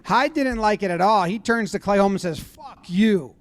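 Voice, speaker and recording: A man giving casual play-by-play commentary on a baseball brawl clip, acting out what the players shout. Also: sits high, a little fast. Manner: animated, acts out players' lines in loud voices.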